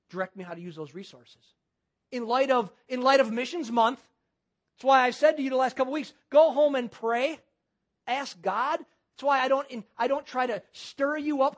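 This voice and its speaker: A man's voice: very high-pitched, moderate pace. A man preaching a sermon as pastor, using repetition and rhetorical questions.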